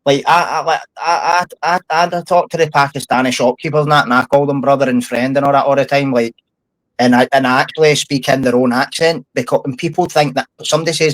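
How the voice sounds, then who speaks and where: A man's voice: mid-range voice, steady tone, fast, no room sound, low-quality recording. Middle-aged Scottish man, blunt, heated talker, dry close mic. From Scotland. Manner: blunt, sweary, heated storytelling. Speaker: podcast guest, former prisoner. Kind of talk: casual podcast chat.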